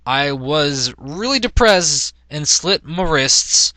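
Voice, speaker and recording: A man's voice: a little high, animated, takes it slowly, sharp tone, no room sound. A man reading a badly written story aloud in a mock-dramatic, sarcastic way, with laughing asides. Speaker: comedic reader.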